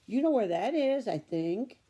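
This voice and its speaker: A woman's voice: fairly high pitch, big pitch swings, unhurried, warm tone, breathy edge, lo-fi sound, voice pushed up, heavily acted. A woman voicing a plump, welcoming older farm wife with a German accent and homey broken English. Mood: friendly.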